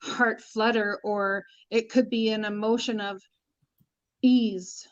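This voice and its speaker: A woman's voice: mid-range voice, steady tone, takes it slowly, dry recording, highs cut off. A woman hosting a casual spiritual chat about tarot, speaking earnestly and acting out quoted inner voices. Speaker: tarot reader and host.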